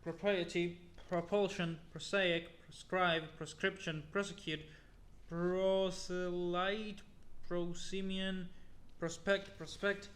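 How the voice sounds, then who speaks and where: Guy slowly reading off a word list, high voice, flat and kind of exasperated. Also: roomy sound. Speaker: youtuber.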